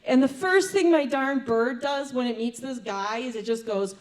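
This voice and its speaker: A middle-aged woman performs a stand-up comedy set, her voice sitting high. She keeps it chatty, throwing in quick asides and laughing at her own jokes.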